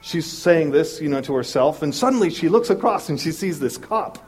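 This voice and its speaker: A pastor from Southern California preaches a sermon, animatedly telling a story and voicing its characters. His voice is husky and high-leaning, at a normal speed.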